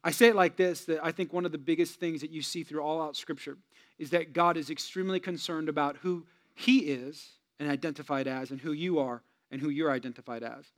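A young adult pastor gives a lively, conversational sermon, sharing personal stories and jokes with the congregation. His voice is a little high and his pace brisk.

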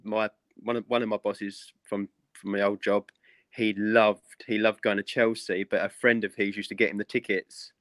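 A man's voice: lowish voice, level tone, normal speed, a bit bright, no room sound. A man, a gardener, chatting on a video call in an easygoing, plain-spoken way and often repeating himself. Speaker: guest gardener. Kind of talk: casual chat.

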